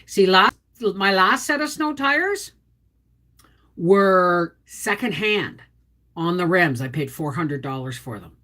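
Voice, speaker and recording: A middle-aged woman from Quebec, Canada, hosts a homestead channel livestream, reading comments and greeting viewers by name. Her voice is lowish, lively, slow, bright and forceful.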